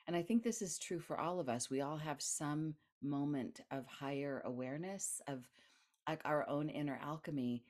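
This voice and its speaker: A woman guest author in an interview, telling a personal story in an animated way, laughing and acting out the voices of others. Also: sits low, normal speed.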